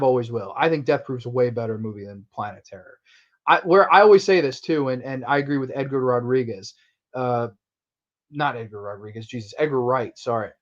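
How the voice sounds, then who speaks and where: A man hosting a casual horror movie review, excitable and profane, often laughing. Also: medium pitch. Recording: muffled lo-fi recording.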